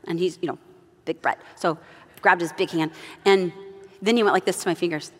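A woman's voice: lowish voice, a little fast. Chatty middle-aged woman teaching moms. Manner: chatty and animated, acting out family moments. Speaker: moms' group Bible study leader. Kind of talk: devotional teaching with personal stories. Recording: long reverb of a large room.

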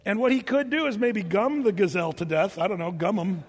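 Animated older man preaching in a hall. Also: sits high, a little fast. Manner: animated storytelling with sound effects and humor. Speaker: pastor. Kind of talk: sermon.

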